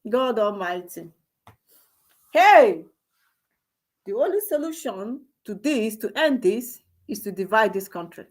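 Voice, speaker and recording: A woman's voice: medium pitch, animated, normal speed, hardly any pauses. A woman with a Nigerian accent delivering an emotional, exclamatory commentary monologue, repeating herself and calling out to God. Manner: emotional, repetitive, exclamatory, preachy. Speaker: online commentator.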